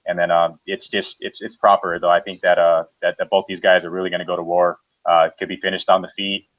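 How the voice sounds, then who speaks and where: Co-host, male, lowish voice, halting picks over muffled lo-fi audio. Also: level tone, no room sound. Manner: halting, many fillers. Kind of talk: casual fight analysis.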